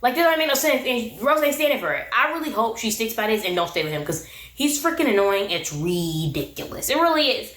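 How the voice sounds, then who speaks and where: A woman with a fairly high voice talks through a reality TV recap in loose, slangy chatter. She is opinionated and quick to laugh. The sound bounces around an echoey room. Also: expressive, fairly bright tone. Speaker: recap and review vlogger.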